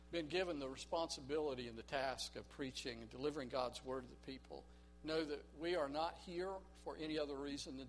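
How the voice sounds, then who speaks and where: A man preaching a sermon in church, emphatic and storytelling, drawing the congregation into call-and-response. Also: a little high. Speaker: pastor.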